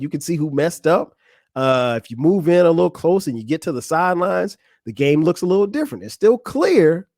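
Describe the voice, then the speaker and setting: A man in his forties hosting a podcast, talking in a relaxed conversational monologue, often chuckling and restarting his sentences. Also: fairly high pitch, dry recording, studio quality. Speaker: podcast host. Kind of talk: casual monologue.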